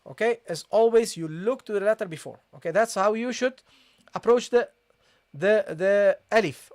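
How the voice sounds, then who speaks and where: A recitation teacher speaks in a medium pitch during a live-streamed online class, walking through each step and often asking "okay?" to check understanding. Letters are sounded out slowly as demonstrations, and the recording is clean studio sound without echo.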